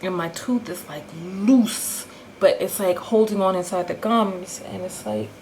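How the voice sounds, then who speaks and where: A woman telling a story in a casual vlog, animated and full of acted-out quotes. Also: medium pitch, a little slow, a little hiss or hum, poor audio. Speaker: vlogger.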